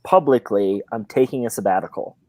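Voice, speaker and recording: Low-voiced man in an animated football chat. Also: fairly quick, no echo. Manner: animated, pitch jumps up on emphasis, repeats words while thinking. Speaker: podcast host. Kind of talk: casual chat.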